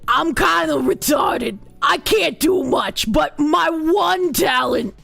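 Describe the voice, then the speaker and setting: A woman streamer in casual chat, reading out donations with giggly laughs, loud outbursts and swearing. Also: sits high, lively intonation, slow, gravelly. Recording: faint music behind voice.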